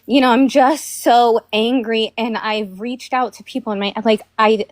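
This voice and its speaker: A woman calling in to a talk show, upset and near tears, speaking urgently in halting phrases. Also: fairly high pitch, fairly even intonation, dry recording. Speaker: caller. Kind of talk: phone-in call. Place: North Carolina.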